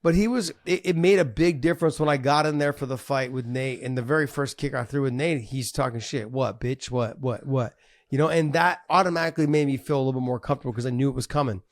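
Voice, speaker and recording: A man co-hosting a fight podcast, telling animated stories in casual chat and swearing freely. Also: medium pitch, quick pace, hardly any pauses. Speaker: podcast co-host, former fighter.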